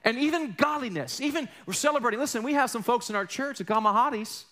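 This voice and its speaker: A male pastor delivering a sermon with lively, animated energy, slipping into the voices of the people he quotes. His voice sits high and sounds bright. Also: quick pace.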